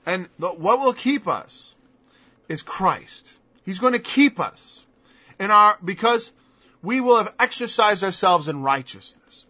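Male preacher, high bright voice, emphatic and mocking sermon delivery, dry dull lo-fi recording. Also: no echo. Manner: emphatic, mocking rhetorical questions.

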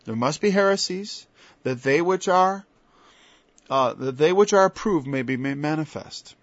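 Guy preaching a sermon, kinda high voice, dull lo-fi sound, quiet asides then loud bible lines. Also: animated, a little slow, no echo. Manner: quotes scripture in old-fashioned wording. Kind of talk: informal sermon.

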